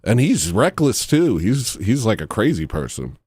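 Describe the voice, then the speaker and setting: A man's voice: on the low side, very animated, normal speed, a little mellow, husky, no echo, studio quality. A man hosting a livestream, rambling and joking in a self-mocking, comedic rant. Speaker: livestream host.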